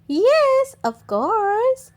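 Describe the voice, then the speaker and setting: A woman reading aloud and voicing a kindly old grandmother pig in a bright, sing-song way. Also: very high voice, very animated, extremely slow, voice pushed up, heavily acted.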